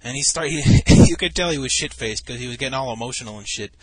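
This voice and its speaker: A man's voice: medium pitch, fast talker, no room sound, rough recording. A man commentating over a game replay, telling a rambling, profane story in a casual way, full of restarts.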